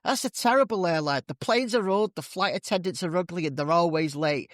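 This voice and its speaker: A man's voice: high-pitched, brisk, no echo, clean studio sound, close to an everyday voice. Man voicing a scornful gloomy hairdresser woman. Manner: dismissive, complaining.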